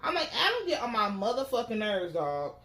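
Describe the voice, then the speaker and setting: A woman recaps a TV episode in loose, profane chat. She talks a little high and jumps into voices for the characters. The room around her has a noticeable echo. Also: a little fast. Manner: animated storytelling, acts out characters in voices. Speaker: TV recap host. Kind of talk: casual profane show recap.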